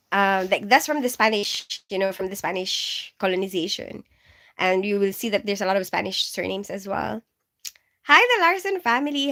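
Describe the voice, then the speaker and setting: Woman, livestream host, rambling casual chat, bright tense tone. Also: mid-range voice. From Philippines. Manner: chatty and rambling, laughs often, fillers like "you know". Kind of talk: casual live-stream chat, reading viewer comments aloud.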